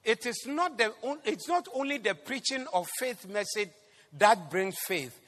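Ghanaian pastor shouting in a hall. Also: male voice, high-pitched, animated, a little slow. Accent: Ghanaian English. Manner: swings between quiet asides and loud shouted exhortation. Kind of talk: sermon. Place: church hall.

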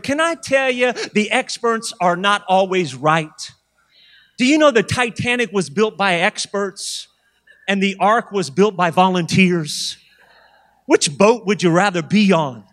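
A man preaches in a high, ringing voice. He drives his points home in emphatic, rhythmic runs and drops in wry jokes along the way. The sound carries a long reverb, as in a big hall. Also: unhurried, fairly bright tone. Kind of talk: sermon.

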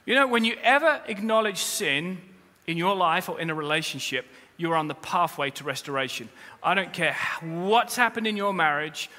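A man preaching a sermon as pastor, speaking straight to the congregation with humorous asides, and rising to loud, emphatic peaks. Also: high voice, expressive, normal speed, few pauses. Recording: long reverb of a large hall.

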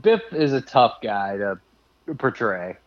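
A man's voice: on the low side, sing-song, takes it slowly, no echo, highs cut off. A man who is a guest on a podcast, chatting casually in a laid-back way and laughing often. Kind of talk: casual chat.

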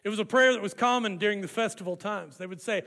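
A man's voice: high-pitched, quick pace. A man preaching a sermon, walking his congregation through an old festival ritual and leading them in responses. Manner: animated, leads congregation in call-and-response. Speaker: pastor.

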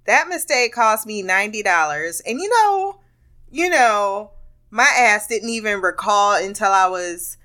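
A woman's voice: medium pitch, lively intonation, unhurried, bright, forceful tone. A woman hosting a podcast, telling a rambling, candid story in a casual monologue with frequent laughter and swearing. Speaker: podcast host.

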